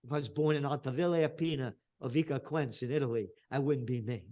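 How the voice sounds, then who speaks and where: An older man, an interview guest talking in an impassioned, ranting way that swings from low talk to shouting. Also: fast. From the Bronx, New York. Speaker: interview guest, trend forecaster.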